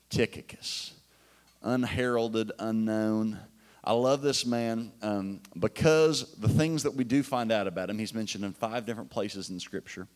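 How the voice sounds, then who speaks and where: A man preaching a sermon in a casual, enthusiastic way, with fillers and restarts. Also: lowish voice. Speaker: pastor.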